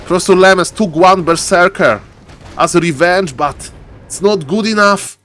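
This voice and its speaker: Excitable man casting a strategy game. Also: high-pitched, measured pace, slight background noise. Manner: excitable, repeats catchphrase "ladies and gentlemen". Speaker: esports caster. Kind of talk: live game commentary.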